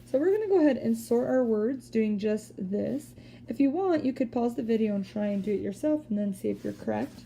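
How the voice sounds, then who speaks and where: Woman teacher, patient spelling lesson, raised pitch, gravelly edge, faint hiss behind. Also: expressive, warm tone. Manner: patient, explains step by step; slow deliberate word-by-word sounding out. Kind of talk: spelling lesson for children, recorded video.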